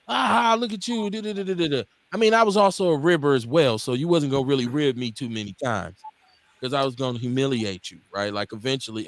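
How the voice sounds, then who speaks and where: A mid-range-voiced Milwaukee man in his forties, recorded dry, hosts casual talk radio. He tells stories with animation, blunt language, and profanity, playing out the quotes himself.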